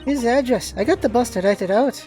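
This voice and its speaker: A woman's voice: fairly high pitch, fast talker, warm tone, faint music behind, natural voice. A woman voicing a brash, streetwise young female pickpocket in a put-on mixed Irish and Scottish accent, blunt and cheeky. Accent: put-on Irish-Scottish mix.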